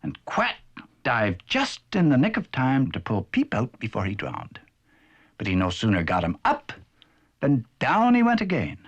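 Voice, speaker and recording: A man telling a children's cartoon story, his voice rising and falling with lively expression. The tone is slightly husky, and the delivery is gentle and storybook-like. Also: mid-range voice, moderate pace, lo-fi sound, soft background music. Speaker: narrator.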